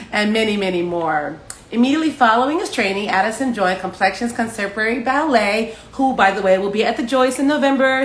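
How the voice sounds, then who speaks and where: A woman's voice: medium pitch, fairly bright tone. A woman hosting a live online talk show, reading a guest's introduction and then chatting effusively, gushing over her guest. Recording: roomy echo.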